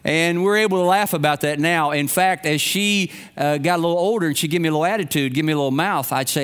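A man's voice: a little high, fast talker, few pauses, a bit bright, slight background noise. A middle-aged male pastor giving a sermon and telling stories in a conversational way. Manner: storytelling, conversational preaching.

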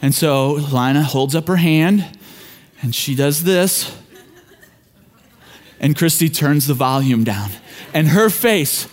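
A man's voice: on the high side, lively intonation, slow, pauses often. A middle-aged man, a pastor, telling a family story in a conversational, folksy way as part of a sermon.

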